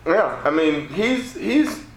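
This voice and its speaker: A man on a press panel giving a measured, reflective answer. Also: sits high, big pitch swings. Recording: echoey room, some background noise.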